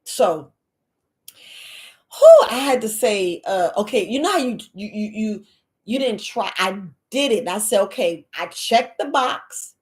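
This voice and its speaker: A woman's voice: medium pitch, measured pace. A woman, hosting a live Q&A and telling a personal story in a casual, dramatic way. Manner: animated, dramatic, exclaiming quoted reactions. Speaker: live Q&A host.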